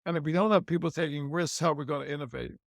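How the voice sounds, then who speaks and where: A man's voice: on the high side, rapid-fire, creaky, no room sound. An older man being interviewed about his career, chatting casually and repeating phrases for emphasis. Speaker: interview guest, TV host and author.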